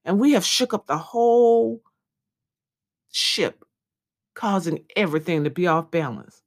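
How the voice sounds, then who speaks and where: A woman's voice: on the low side, expressive, measured pace. A woman giving an earnest devotional podcast message, repeating phrases in a preaching cadence.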